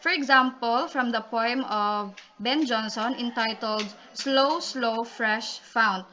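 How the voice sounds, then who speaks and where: A woman's voice: fairly high pitch, takes it slowly, pushed and bright, slight background noise. Woman presenting a lesson, lo-fi sound. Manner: explanatory, calls on classmates by name. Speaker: student reporter. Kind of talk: class presentation. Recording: dull lo-fi recording.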